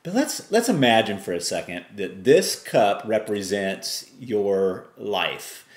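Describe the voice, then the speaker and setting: A man's voice: fairly low pitch, expressive, takes it slowly, echoey room. A middle-aged man giving a casual motivational talk to camera, folksy and rambling, now and then acting out exasperated remarks. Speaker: online business vlogger.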